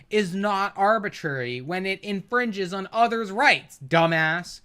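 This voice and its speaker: A streamer reacting to a debate clip on a livestream, ranting with profanity, exasperation and loud sarcastic outbursts. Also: medium pitch, a little slow, hardly any pauses, clean tone.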